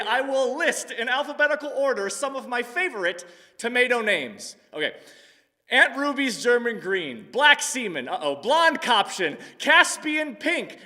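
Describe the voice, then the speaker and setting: Exuberant high-voiced man reciting spoken word. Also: long reverb tail. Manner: exuberant, swings between shouting and hushed tones. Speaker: performance poet. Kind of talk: energetic spoken-word poetry.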